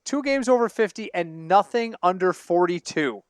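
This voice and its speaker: A man with a high-pitched voice talks at normal speed on a dry recording, co-hosting a sports podcast through a home computer mic over an online call. In casual banter, he tells long, rambling stories with animation and corrects himself as he goes.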